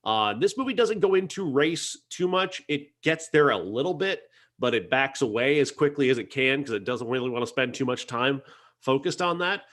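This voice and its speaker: Earnest man reviewing films, halting restarts. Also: medium pitch, lively intonation, a bit bright. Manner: earnest, hesitant with many restarts. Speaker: podcast movie reviewer. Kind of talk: casual podcast review.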